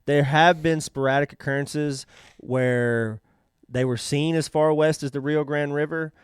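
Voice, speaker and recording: A man's voice: fairly high pitch, steady tone, unhurried, smooth, dry recording, clean studio sound. A man co-hosting a podcast, offering factual asides in casual chat and apologizing for interrupting. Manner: adds fact-heavy asides, apologetic about interrupting. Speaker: podcast co-host.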